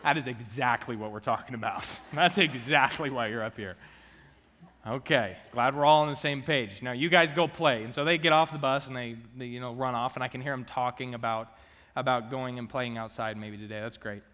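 Young guy preaching, chatty and jokey, bright voice, pitch kinda high, big church reverb. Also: fairly quick. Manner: chatty, joking storyteller. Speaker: student minister. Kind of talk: sermon. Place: church sanctuary.

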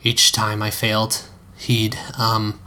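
A man's voice: on the low side, completely flat delivery, takes it slowly, pushed and bright, heavily acted. A man voicing a stammering schoolboy. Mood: confessional. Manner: hesitant, stammering. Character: awkward, sheepish teenage schoolboy.

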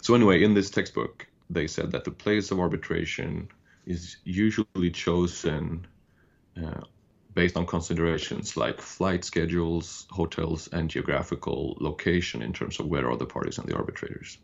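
A man's voice: low voice, normal speed, gravelly, lo-fi sound. A man from Sweden in his thirties, co-hosting a podcast and explaining legal ideas in a thoughtful way with many restarts. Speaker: podcast co-host. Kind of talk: casual podcast chat and explanation.

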